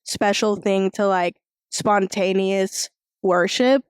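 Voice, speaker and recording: A woman's voice: mid-range voice, takes it slowly, clear, resonant tone, dry recording, clean studio sound. A young woman guest on a church podcast, a worship singer, chatting loosely with lots of "like". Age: young adult. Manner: relaxed, many "like" fillers, agreeing murmurs. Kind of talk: casual interview chat.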